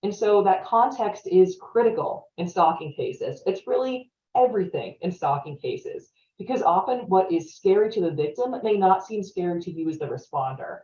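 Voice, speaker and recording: A woman's voice: medium pitch, animated, normal speed, few pauses, dark tone. A woman presenting a training webinar in a conversational way, often checking in with "right?". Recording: roomy, distant, dull-sounding audio.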